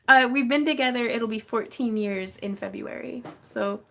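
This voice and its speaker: A woman's voice: a little high, gravelly, sharp tone. A woman hosting a casual craft livestream from her home craft room, chatting, laughing often and reading viewer comments aloud.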